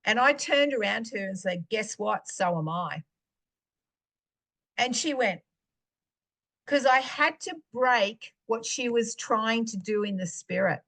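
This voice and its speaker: A woman preaching in a fairly high voice. She tells stories from her own life and acts out the lines she and others said. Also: unhurried, a bit bright. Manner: storytelling, acting out her own dialogue. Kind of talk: personal teaching talk.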